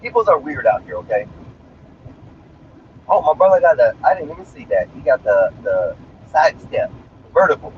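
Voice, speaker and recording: A man's voice: medium pitch, sing-song, normal speed, long pauses, a little hiss or hum. A man chatting casually on a livestream, talking loosely with profane street slang, from inside a car. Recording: slightly dull lo-fi stream audio.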